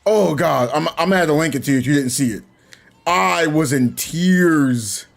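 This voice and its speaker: Giggly young man, higher voice. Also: expressive, normal speed, gravelly. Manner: laughs a lot, giggly and rambling. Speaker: gaming streamer. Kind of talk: casual gaming chat.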